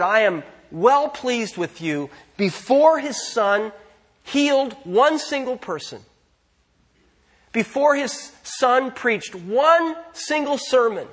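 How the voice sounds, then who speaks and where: A man preaching a sermon as pastor, earnest, slowing down to stress key phrases. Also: high voice, husky.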